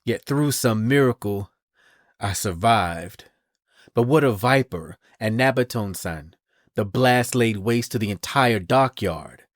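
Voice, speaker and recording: A man's voice: fairly low pitch, expressive, slow, no room sound, studio quality. A man voicing a vengeful male samurai villain who makes boastful, threatening declarations. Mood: menacing.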